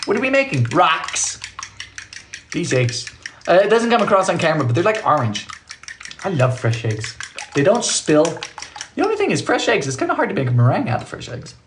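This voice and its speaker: A young adult baking live on camera and chatting the whole time, thanking viewers and answering their questions. The voice sits at a middling pitch but swoops widely, jumping into squeaky highs on excited moments. Faint clicks come through now and then. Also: brisk, long pauses, a little hiss or hum. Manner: chatty, reads out and answers chat messages; animated, sudden high exclamations. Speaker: livestreamer.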